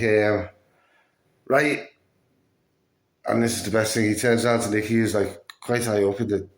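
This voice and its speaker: A man with a lowish voice tells a story in an echoey room for a casual vlog. He sounds out of breath and tired, curses often, and voices the other people in his tale.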